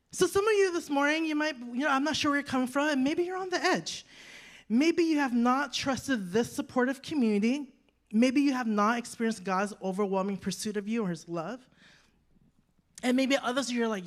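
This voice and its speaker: Animated woman preaching a sermon. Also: sits high, normal speed. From United States. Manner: animated storytelling, acting out quoted voices, rhetorical "right?". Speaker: guest preacher. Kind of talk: sermon with personal story.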